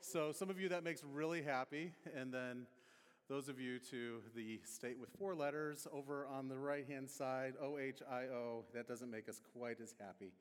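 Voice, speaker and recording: Storytelling preacher in a big hall. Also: male voice, mid-range voice, steady tone, moderate pace, clear, resonant tone. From Detroit area, USA. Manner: conversational storytelling with humor, many restarts. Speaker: pastor. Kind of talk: sermon with personal story. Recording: reverberant hall.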